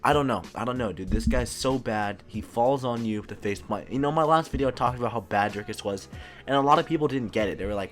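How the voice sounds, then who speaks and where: A man's voice: medium pitch, quick pace, soft background music. A man hosting his own channel, giving casual commentary in a loose way, often saying "dude" and stumbling over repeated words. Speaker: MMA YouTube host. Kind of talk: casual commentary ranking fighters.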